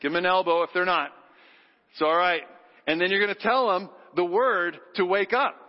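A man preaching a sermon, animated, leading the congregation in call-and-response. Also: high-pitched, normal speed. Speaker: pastor. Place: church sanctuary. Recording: dull sound with long hall reverb.

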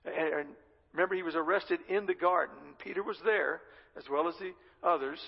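A man with a high, gravelly voice delivers a sermon, retelling scripture as a relaxed, conversational story. His voice is husky, and it rings out with a long reverb in a church hall. The recording sounds somewhat dull and muffled. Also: a little fast. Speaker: pastor.

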